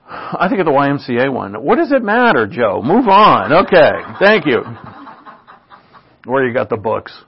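In a dull, lo-fi recording, a male preacher with medium pitch and vocal fry delivers a casual, talkative sermon. He frequently asks the audience "right?" and chuckles at his own side remarks.

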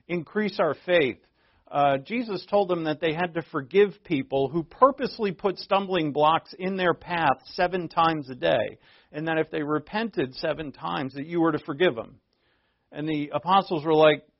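A pastor delivers a verse-by-verse expository sermon in a conversational, self-deprecating manner, using frequent fillers. His voice is on the high side, and the recording is muffled with no room sound.

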